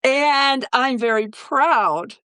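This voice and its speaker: A woman co-hosting a casual podcast, her slightly high voice teasing with dry wit. The mic sounds close and dry. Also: extremely slow, sharp tone, smooth, no echo. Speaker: podcast co-host.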